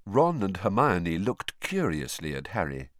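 A man narrating an audiobook with expressive storytelling. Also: deep voice, a little slow, no echo, clean studio sound. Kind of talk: scripted narration.

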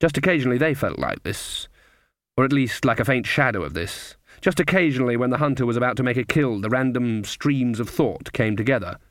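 A man narrating an audiobook in a measured, deliberate storytelling manner. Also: medium pitch, animated, a bit bright, dry recording, studio quality.

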